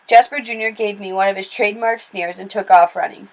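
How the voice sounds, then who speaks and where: A woman reading a children's novel aloud in steady, plain storytelling with small slips and restarts. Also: medium pitch, a little fast, rough recording. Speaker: read-aloud narrator.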